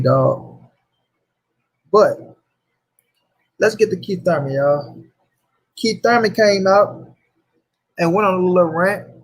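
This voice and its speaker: Husky heated man ranting about boxing. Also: a little high, rough recording. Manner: heated, profane, repeats points, addresses chat. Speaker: boxing commentary host. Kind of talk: livestream rant reading chat.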